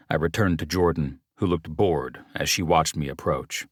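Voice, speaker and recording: A man narrating a romance audiobook in the first person, his dialogue gruff and commanding. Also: very deep voice, normal speed, dry recording, clean studio sound.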